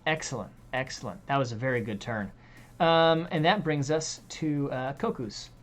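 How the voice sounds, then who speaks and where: A woman game master narrating a tabletop game in a measured, deliberate way with small hesitations. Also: a bass voice.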